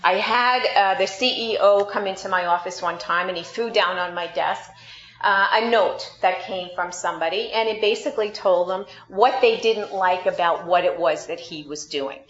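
A woman's voice: medium pitch, moderate pace, fairly bright tone. A woman from New York preaching a sermon, telling stories with playful sarcasm. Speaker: pastor. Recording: echoey room, slightly dull sound.

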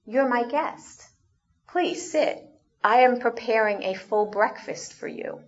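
A woman voicing an eager, doting hostess who softly insists on serving her guest, in a slightly muffled recording. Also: fairly high pitch, slow. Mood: insistent hostess.

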